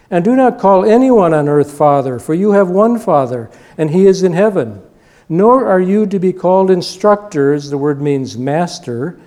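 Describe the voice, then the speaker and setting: An older male pastor delivers a sermon in a mellow, warm-toned voice pitched a little above the usual for a man. He hammers his points home with short, punchy repetitions. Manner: emphatic, repeating short punchy lines.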